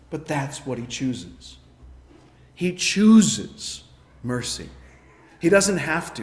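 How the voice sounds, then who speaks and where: A man preaching a sermon, emphatic, swinging between loud declarations and quiet asides. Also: high voice, roomy sound. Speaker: pastor.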